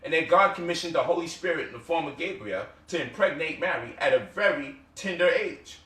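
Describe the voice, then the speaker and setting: Speaking fairly quickly with lively intonation, this guest speaker has a bright voice on the high side. His impassioned lecture piles up rhetorical questions and mocking quotes, and the distant mic catches the room's echo.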